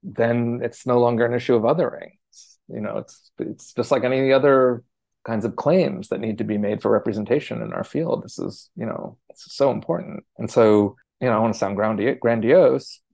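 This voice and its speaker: A man being interviewed, answering in a thoughtful, hesitant way with many pauses, fillers and restarts. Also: medium pitch, vocal fry, darkish tone, no echo. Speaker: architecture scholar, interviewee.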